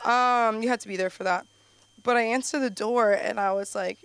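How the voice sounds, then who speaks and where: Young adult woman, stand-up comic, somewhat high voice, rambling and animated, handheld mic on a club stage. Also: normal speed, clean tone. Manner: rambling, filler-heavy storytelling with frequent "like"; animated, jumps up in pitch for punchlines. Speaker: stand-up comedian. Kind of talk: open-mic stand-up set.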